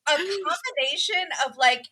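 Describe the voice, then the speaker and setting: A woman hosting a podcast, chatting casually and telling a story with lively acted-out quotes. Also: very high-pitched, normal speed. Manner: animated storytelling, acts out quotes. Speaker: podcast host. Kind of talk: casual chat, recapping a reality show.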